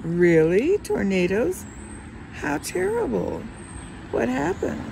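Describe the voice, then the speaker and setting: Brooding middle-aged man, soft and reflective, read by a woman with a gravelly voice. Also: fairly high pitch, big pitch swings, slow, background noise, pitched above the performer's own voice, heavily acted. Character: brooding forty-five-year-old man drinking wine.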